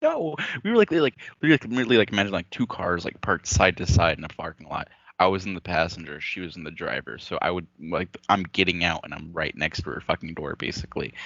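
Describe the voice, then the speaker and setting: A young man with a low voice that leaps around animatedly as he tells a story. He laughs often, swears and piles on "like". The recording is dry and close. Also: animated, fast talker, few pauses, fairly bright tone, husky, no echo, dull audio. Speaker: podcast co-host. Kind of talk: casual chat.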